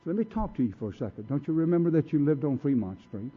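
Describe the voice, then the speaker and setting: A man's voice: fairly high pitch, sing-song, quick pace, husky. An older man speaking at a recovery meeting, telling his own story in a blunt, folksy way. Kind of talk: personal recovery testimony. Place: meeting room. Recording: tinny lo-fi tape recording.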